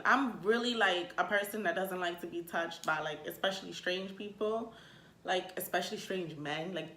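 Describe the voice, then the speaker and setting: A young woman telling a storytime rant in a casual vlog, animated, swearing freely and saying "like" a lot. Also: medium pitch, moderate pace. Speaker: vlogger. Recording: echoey room.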